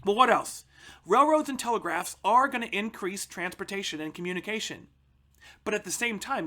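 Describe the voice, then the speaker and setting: Animated man giving a history lecture. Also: moderate pace. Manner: conversational, keeps addressing students as guys with frequent "all right?" checks; emphatic, lifts pitch and volume to stress key points. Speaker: history teacher. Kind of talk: recorded history lecture for students.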